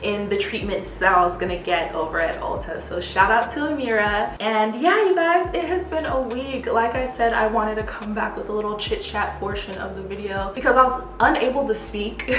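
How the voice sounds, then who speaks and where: A woman's voice: medium pitch, moderate pace, few pauses, fairly bright tone. A young adult woman chatting casually to camera as a vlogger, with lots of "like" and "you guys". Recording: echoey room, faint background music.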